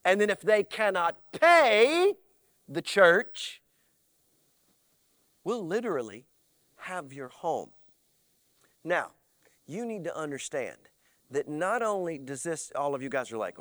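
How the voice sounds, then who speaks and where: A man preaching a sermon, animated and swinging from loud to soft, with playful mock voices. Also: high-pitched, slow, no echo, studio quality. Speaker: pastor.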